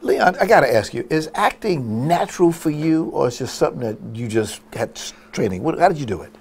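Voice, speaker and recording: A man's voice: fairly high pitch, expressive, fairly quick, slight background noise. A man hosting a talk show, chatting supportively with his guest and often affirming what he says. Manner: supportive, frequent affirmations and laughs. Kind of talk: casual interview chat.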